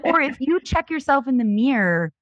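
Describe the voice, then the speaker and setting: A woman in her thirties speaks openly and earnestly as a guest, telling a personal testimony with a faith-centered outlook. Her voice is mid-pitched, and the recording is dry and a little dull. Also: fairly quick, dry recording. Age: 30s. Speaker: podcast guest.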